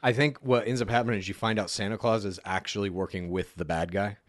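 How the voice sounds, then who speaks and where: A man co-hosting a podcast in casual chat, easygoing, laying out ideas like a story pitch. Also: steady tone, fast talker, dry recording, studio quality. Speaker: podcast co-host.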